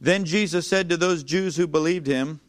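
Man, preacher delivering a sermon; high, smooth voice, emphatic, draws the congregation in with questions. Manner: emphatic, asks the congregation to repeat lines, slows for scripture. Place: church before a congregation.

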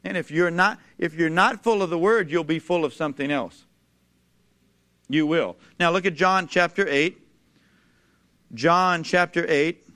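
Emphatic high-voiced male preacher. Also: bright, forceful tone. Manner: emphatic, asks the congregation to repeat lines, slows for scripture. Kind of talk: sermon. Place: church before a congregation.

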